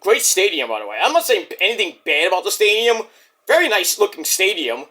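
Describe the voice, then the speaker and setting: Lively, high-voiced man ranting about wrestling. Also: a little fast. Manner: animated, profane, jokey, breaks into impressions. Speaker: wrestling reviewer, channel host. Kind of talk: casual profane wrestling review monologue.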